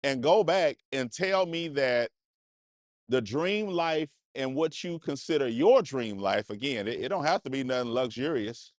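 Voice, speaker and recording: Seated on a cushion indoors, a male vlogger delivers a casual motivational monologue in a mid-range, expressive voice, a little slow. He's preachy and conversational, repeating and restarting phrases, in clean studio audio with no echo.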